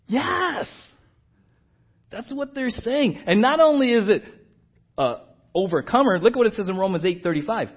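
High-voiced animated preacher man, lo-fi. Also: brisk, husky. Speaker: pastor. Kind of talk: sermon.

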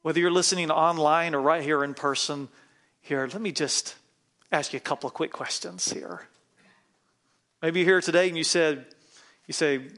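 A man's voice: a little high, fairly even intonation, normal speed, long pauses, fairly bright tone. A man, a pastor, preaching a sermon in a church and leading the congregation in call-and-response. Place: church sanctuary.

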